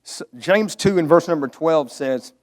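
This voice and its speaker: A man's voice: fairly high pitch, unhurried. A middle-aged man preaching a storytelling sermon, earnest and emotional, swelling to emphatic outbursts.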